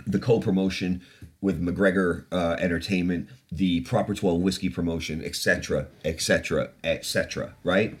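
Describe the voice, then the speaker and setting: A man with a deep, low-pitched voice talks loosely on his podcast. He laughs often between his sentences and swears casually as he chats. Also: fairly even intonation, normal speed. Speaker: podcast host.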